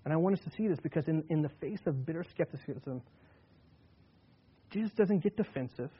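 A male pastor preaching a sermon in a relaxed, conversational way, slowing down to read scripture aloud with emphasis. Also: on the high side, slightly rough, lo-fi sound.

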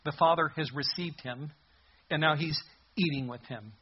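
A man preaching with a husky, somewhat high voice, lively and animated, acting out the voices in the passage. The recording sounds a little dull and muffled. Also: moderate pace. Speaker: pastor. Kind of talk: sermon.

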